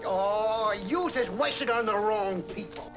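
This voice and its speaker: A grumpy older man shouting from his porch in an old film. His voice is very high and cranky, with music playing beneath. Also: slow pace, muffled recording. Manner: gruff, cranky heckling.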